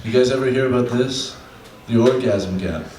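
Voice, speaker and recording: A man doing a stand-up comedy set on a club stage, deadpan, slowing down for his punchlines. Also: mid-range voice, slight background noise. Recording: echoey room from a distant mic, faint ambience.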